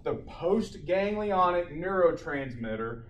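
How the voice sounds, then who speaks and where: Male paramedic instructor, slightly high voice, casual classroom lecture, distant mic in a roomy hall. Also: slow pace, dull audio. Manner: animated storyteller, acts out loud shouted quotes. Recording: echoey classroom from a distant mic, faint room noise.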